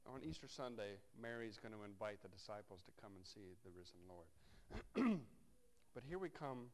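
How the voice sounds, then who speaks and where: A man's voice: lowish voice, lively intonation, normal speed. A man preaching a sermon, reading scripture aloud and breaking off into wry, conversational asides to his congregation. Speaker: pastor.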